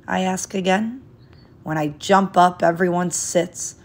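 A woman reading a children's picture book aloud in a gentle, expressive, unhurried way. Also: fairly low pitch. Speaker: storyteller.

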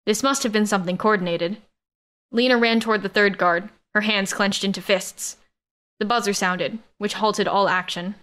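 Smooth-voiced woman narrating an audiobook. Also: medium pitch, steady tone, normal speed, fairly bright tone. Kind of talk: first-person audiobook narration.

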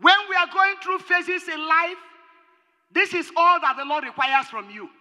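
A woman pastor preaching an impassioned sermon, rising to shouted peaks and dropping low. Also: expressive, normal speed. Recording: long hall reverb.

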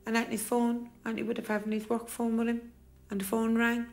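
Middle-aged Irish woman, bereaved mother, halting soft delivery, faint music bed. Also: on the high side, completely flat delivery. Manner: halting, soft-spoken, often restarting. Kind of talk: emotional personal account. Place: family home indoors.

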